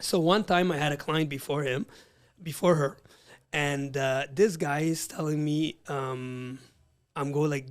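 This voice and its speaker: A man's voice: on the high side, steady tone, unhurried, smooth. A man telling a story in a blunt, profanity-heavy casual chat as podcast host.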